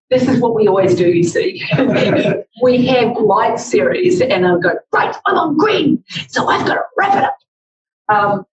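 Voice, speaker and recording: Brief: woman, higher voice, slow-paced speaking coach, echoey room, mic far off. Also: a little mellow, a little hiss or hum. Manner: slow, deliberate, demonstrative delivery. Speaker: public speaking presenter. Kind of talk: workshop presentation. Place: library meeting room. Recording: echoey, distant, dull audio.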